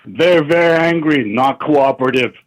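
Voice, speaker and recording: A man's voice: a little high, moderate pace, lightly acted, low-quality recording. A man calling in and putting on a fake Russian accent, talking in clipped broken English and repeating himself. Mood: deadpan. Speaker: caller.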